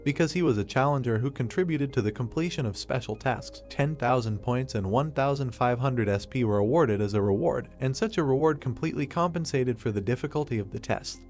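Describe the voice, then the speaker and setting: A man's voice: mid-range voice, brisk, few pauses, darkish tone. Male narrator with faint music. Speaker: recap narrator. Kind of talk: scripted story narration.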